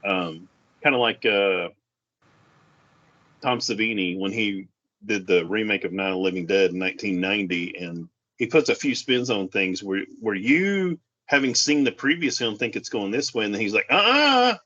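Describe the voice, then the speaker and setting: A man co-hosting a podcast, talking casually about films in a halting way with many restarts. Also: on the low side, fairly bright tone. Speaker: podcast co-host. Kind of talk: casual film discussion. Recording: dull lo-fi sound.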